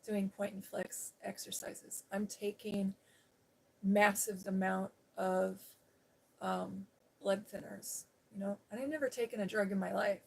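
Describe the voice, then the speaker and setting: An ASMR channel host sits on a day bed and tells her live-stream viewers a long, winding personal story in a steady, gravelly, darkish mid-range voice at a measured pace, with a little hiss or hum in the audio. She jumps from aside to aside, rambling, and changes her tone to imitate the people she quotes.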